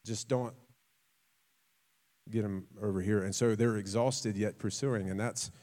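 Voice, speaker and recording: Animated preacher man, conversational sermon. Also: fairly low pitch, unhurried. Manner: animated storytelling with acted quotes and sudden drops to a quiet voice; repeats and restarts words, conversational.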